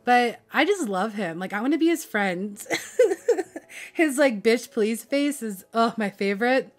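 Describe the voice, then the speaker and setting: A woman's voice: fairly high pitch, expressive, moderate pace. A young woman gushing in casual chat about a show she loves, swearing freely and filling her talk with "like". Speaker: vlogger reviewing a drama.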